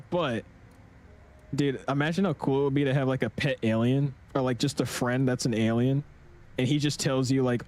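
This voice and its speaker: A young man streaming a flight simulator, chatting casually in an excitable, rambling way full of slang. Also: mid-range voice. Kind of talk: casual livestream chat.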